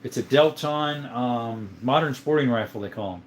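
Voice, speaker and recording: A man's voice: mid-range voice, normal speed, a little hiss or hum. Easygoing man hosting a casual livestream. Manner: easygoing, chuckles often, thinks aloud with fillers. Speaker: livestream host. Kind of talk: casual livestream chat, reading comments aloud.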